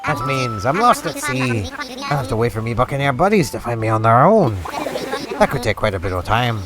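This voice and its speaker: A man doing a clumsy pirate seabird, pirate slang, hammy theatrical delivery, lively swooping pitch, game music behind. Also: fairly quick, lightly acted. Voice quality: pirate talk, growled "arr" and "me hearties". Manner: hammy, theatrical, pun-loving. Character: clumsy boastful male seagull pirate, punning.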